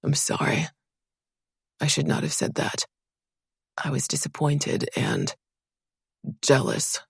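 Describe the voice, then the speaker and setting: Earnest young soldier guy, protective and pushy, a woman reads him, low gravelly voice, dry close sound. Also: normal speed, darkish tone, dry recording, exaggerated voice. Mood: remorseful.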